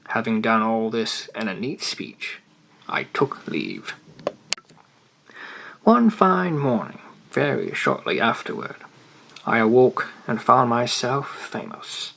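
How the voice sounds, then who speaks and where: A man gives a theatrical reading of a classic story, his voice bright and forward. He swings from strong emphasis to soft asides as the sentences roll on. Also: lowish voice, gravelly, rough recording. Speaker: reader of classic stories.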